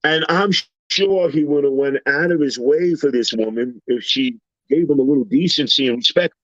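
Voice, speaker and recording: A man swaps stories on a casual talk panel, animated and acting out the voices of the people he meets. His pitch sits in an ordinary middle range. The recording is dry, with a slightly dull, lo-fi tone. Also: moderate pace, no room sound. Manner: animated storyteller, acts out quoted voices. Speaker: panel guest. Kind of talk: casual storytelling chat.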